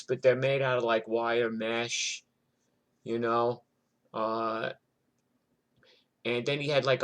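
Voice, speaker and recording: A middle-aged man telling a story from his past in a rambling, profane way, full of fillers and asides. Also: medium pitch. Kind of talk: casual spoken storytelling.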